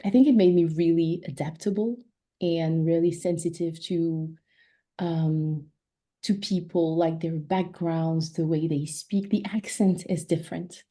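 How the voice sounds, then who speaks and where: Interview guest: woman, 30s, from Ivory Coast, native French speaker, dark mellow tone, reflective storyteller. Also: low-pitched, steady tone, a little slow. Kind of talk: casual interview conversation.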